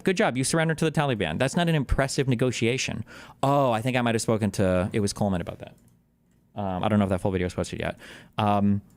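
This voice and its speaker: A man's voice: fairly high pitch, no room sound. A man streaming, reacting to clips with a casual, profane, sarcastic political rant. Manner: profane, fast-shifting, sarcastic.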